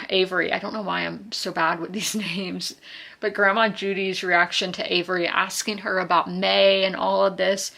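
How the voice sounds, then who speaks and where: Gravelly bright woman in her twenties. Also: medium pitch. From South Carolina, US. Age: 20s. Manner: chatty, rambling with many fillers and self-corrections. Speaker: book vlogger. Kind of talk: casual book review chat.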